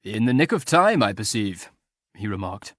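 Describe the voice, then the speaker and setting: A man's voice: on the low side, sing-song, moderate pace, fairly bright tone, dry recording, clean studio sound. A man reading an audiobook voices an idle, teasingly ironic aristocratic marquis who talks in a mock-mournful drawl.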